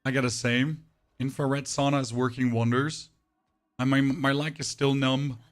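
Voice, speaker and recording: With soft music playing in the background, a male game streamer banters with his live chat in a flat delivery at a normal speed. He reads messages aloud with sarcastic asides, his voice temporarily deeper and rougher than normal.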